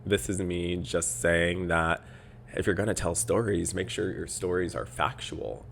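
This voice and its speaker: A man's voice: low-pitched, measured pace, creaky, slight background noise. A young man hosting a podcast, telling a story in a casual, exasperated rant. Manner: exasperated, animated storytelling with mocking quoted voices. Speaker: podcast host.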